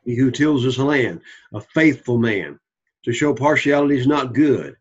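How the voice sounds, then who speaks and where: A man's voice: medium pitch, animated, normal speed, breathy edge, dull audio. A man teaching a Bible study lecture, repeating key points and checking in with the class.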